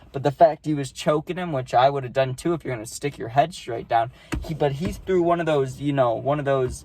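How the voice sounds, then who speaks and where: Rambling, excitable guy telling a story. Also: medium pitch. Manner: excited, rambling, heavy swearing and fillers. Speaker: storytime vlogger. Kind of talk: casual storytelling.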